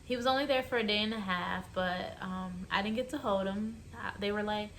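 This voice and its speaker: Talking a little fast with hardly any pauses, a young woman shares a personal story on her vlog, speaking directly to viewers. Her medium-pitched voice is fairly bright, and her casual storytelling is chatty and emotional.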